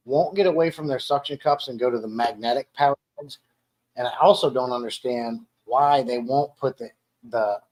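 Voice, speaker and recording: A man hosting a casual home live stream in an easy, rambling way. He often restarts his sentences and repeats words as he reads viewer comments aloud and chats. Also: medium pitch. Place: dining room at home.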